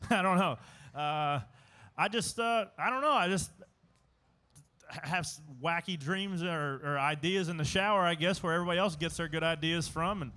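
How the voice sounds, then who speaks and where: A young man with a fairly high voice, talking loosely in a casual interview. He rambles, restarts his sentences and drops in filler words as he tells a story. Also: normal speed, pushed and bright. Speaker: race car driver guest. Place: outdoor live show stage at a racetrack.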